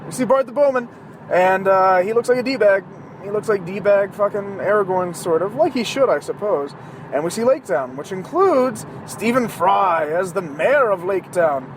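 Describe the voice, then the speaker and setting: A man's voice: high-pitched, lively intonation, moderate pace, a little hiss or hum. A man hosting a podcast, talking in a casual, rambling monologue from inside his car while he drives, joking and swearing sarcastically as he goes. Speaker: podcast host.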